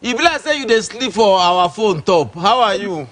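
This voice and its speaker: A man's voice: sits high, big pitch swings, moderate pace, a bit bright. A man with a Nigerian Pidgin accent hosting a call-in show, bantering with callers. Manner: banters with callers, switches between Pidgin and English. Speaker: radio call-in host.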